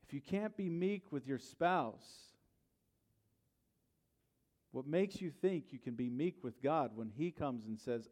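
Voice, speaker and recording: A middle-aged man preaching a sermon in a church. He tells a personal story in a conversational way, dropping to quiet asides and rising to loud bursts. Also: medium pitch, slow, long pauses. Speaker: pastor.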